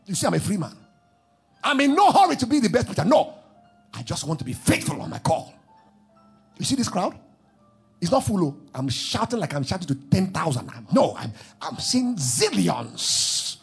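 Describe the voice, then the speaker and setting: A man preaching a fervent sermon, shouting, chanting, repeating phrases and praying in tongues. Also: sits high, sing-song, moderate pace, gravelly, slightly rough, soft background music.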